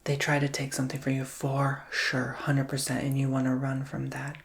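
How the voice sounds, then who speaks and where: A man giving a chatty, theatrical ASMR tarot reading that keeps dropping into soft whispers. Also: mid-range voice, monotone, moderate pace, creaky, slight background noise.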